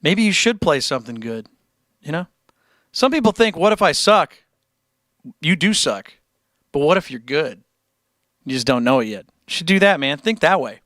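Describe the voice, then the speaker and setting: A man's voice: a little high, big pitch swings, normal speed, long pauses, fairly bright tone, dry recording, studio quality. A young man streaming and answering chat questions about guitar, blunt and encouraging, with casual swearing and rambling tangents.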